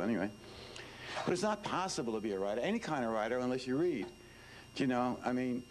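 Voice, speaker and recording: Older New man, gravelly, talks plainly with emphatic repeats; faint noise behind. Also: medium pitch, darkish tone, poor audio. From New York. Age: 70s. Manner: conversational, frequent "you know", emphatic repetition. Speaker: speaker and former detective. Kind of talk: informal speech to students.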